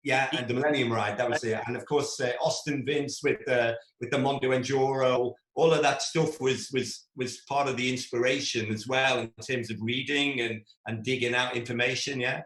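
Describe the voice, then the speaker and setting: A man's voice: medium pitch, fairly even intonation, normal speed, few pauses, fairly bright tone. A male host running a casual interview, who prompts his guests in an easygoing way. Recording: roomy echo.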